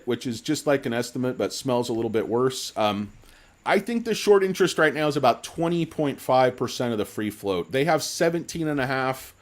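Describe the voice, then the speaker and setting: Animated, ranting male stock commentator. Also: mid-range voice. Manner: profane, sarcastic, rambling with comic insults. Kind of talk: casual ranting market commentary.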